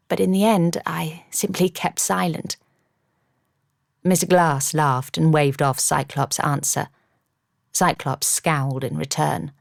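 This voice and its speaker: A woman reading a first-person novel as an audiobook narrator, in a measured, wry storytelling manner, close to the mic. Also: deep voice, vocal fry, no room sound.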